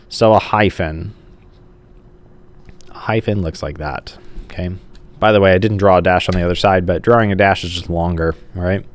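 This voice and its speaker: A male teacher giving a recorded grammar lesson, talking casually while writing on a page and often checking in with the class. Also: deep voice. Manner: casual, says "like" and checks in with "okay?". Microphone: camera mic.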